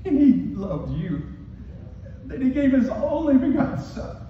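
A man with a very high, sing-song voice preaches a passionate sermon a little slowly, calling out to the congregation as pastor. The call-and-response plays out in a church hall with the congregation. Slight background noise sits in an echoey, distant, muffled recording.

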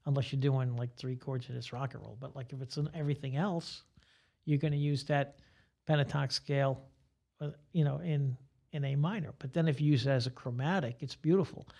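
An older man, a guitar teacher, talking in a relaxed podcast chat and rambling through examples as he explains. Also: medium pitch, fairly quick, vocal fry, husky. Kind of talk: casual podcast conversation.

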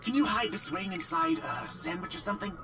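A polite, slightly nervous male customer who asks favors hesitantly. His pitch swings about in a lively way. Loud game music fills the background. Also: fairly quick. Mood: pleading. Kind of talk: video game voice acting.

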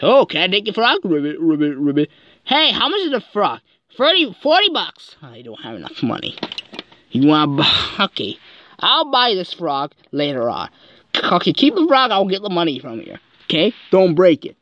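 A woman playing out a toy scene aloud and acting out toy characters, jumping suddenly into squeaky voices. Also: big pitch swings, normal speed, fairly bright tone, lo-fi sound, a little hiss or hum.

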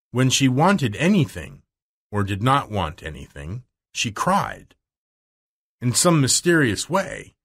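Slow, husky male storybook reader. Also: medium pitch. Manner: slow, clear, expressive. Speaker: narrator. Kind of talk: storybook reading for learners.

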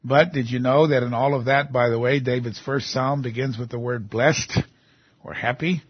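Husky preacher man reading scripture. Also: medium pitch, fairly even intonation, moderate pace, dry recording, muffled recording. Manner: reads scripture aloud with rising emphatic outbursts. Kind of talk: sermon.

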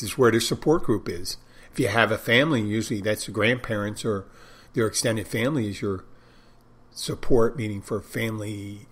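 Here a man hosts a casual one-person podcast, thinking aloud in a loose, rambling, digressive style. The voice is fairly low and slightly rough.

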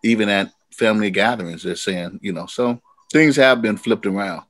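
A man who is a singer-songwriter guest, telling animated, rambling stories in a casual interview. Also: fairly low pitch, moderate pace, dry recording. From United States.

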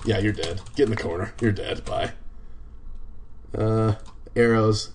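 A man's voice: on the low side, lively intonation, normal speed, creaky, a little hiss or hum. A man livestreaming a game, chatting casually to his viewers, laid-back and swearing freely. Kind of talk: casual live gaming commentary.

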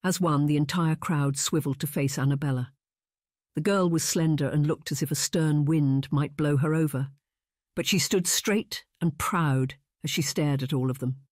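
Steady audiobook narrator, dry close sound. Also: medium pitch, moderate pace, dry recording. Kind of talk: scripted narration.

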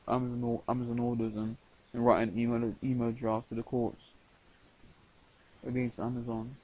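A man's voice: medium pitch, fairly bright tone, low-quality recording. A man rambling through a late-night video diary, stumbling over words with many repeats and restarts. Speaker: vlogger.

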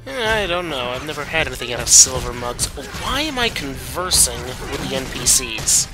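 A man's voice: medium pitch, sing-song, normal speed, over loud music. A young man casually commenting on his gameplay, chatty and joking. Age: young adult. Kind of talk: casual let's play commentary.

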